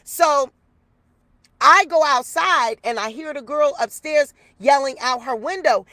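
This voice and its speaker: A woman's voice: high voice, measured pace, no room sound. A woman telling a story to her viewers in a casual, chatty way, recorded outdoors. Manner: chatty, animated storyteller addressing viewers as y'all. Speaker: YouTuber. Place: outdoors in the rain.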